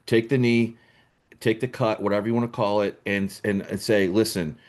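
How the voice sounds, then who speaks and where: A man's voice: fairly low pitch, fairly even intonation, moderate pace. A man on a casual political talk show, repeating himself and restarting sentences as he searches for words.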